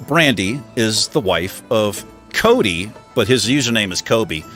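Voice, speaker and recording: A man with a lowish voice hosts a casual livestream chat, speaking a little slowly over soft background music. He's animated, often stumbling over pronunciations, then mocking himself and chuckling about it.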